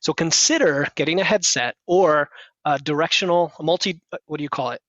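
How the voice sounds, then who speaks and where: Man, club speech evaluator, encouraging and organized, raised pitch, dry lo-fi call audio. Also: brisk, a bit bright, dry recording. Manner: encouraging, structured feedback. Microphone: headset on a video call.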